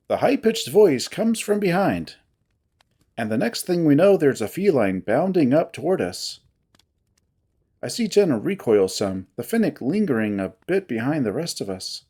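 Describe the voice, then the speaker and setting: A narrator reads a visual novel in the first person, steady and descriptive. The intonation is lively, rising and falling often. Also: medium pitch, breathy edge.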